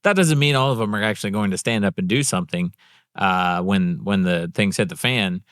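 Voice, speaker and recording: A man's voice: fairly low pitch, a little fast, fairly bright tone, dry recording, studio quality. A man co-hosting a podcast, joking and promoting a membership program in casual chat. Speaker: podcast co-host.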